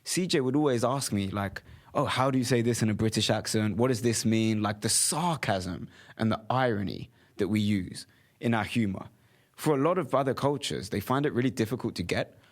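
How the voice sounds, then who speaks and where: A man from the UK co-hosting a casual podcast conversation, animated and laughing often. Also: lowish voice, fairly quick. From United Kingdom. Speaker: podcast co-host.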